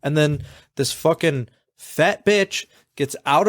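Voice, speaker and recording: A man's voice: fairly high pitch, takes it slowly, no echo, clean studio sound. A man co-hosting a podcast, speaking bluntly and swearing in casual storytelling chat. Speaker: podcast co-host.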